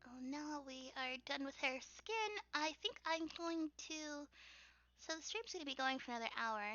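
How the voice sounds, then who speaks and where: A young woman with a squeaky voice, chatting casually and laughing often while she draws on a livestream. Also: animated, normal speed, bright, forceful tone. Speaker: streamer. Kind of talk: casual chat while drawing on stream. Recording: dull lo-fi stream audio with faint music.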